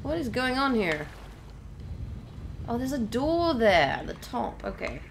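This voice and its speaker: A woman's voice: a little high, big pitch swings, measured pace, a little hiss or hum. Chatty woman narrating gameplay. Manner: chatty, exclaiming, addresses viewers. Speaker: let's play host. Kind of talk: casual gameplay commentary. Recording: game sound clearly behind voice. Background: game ambience.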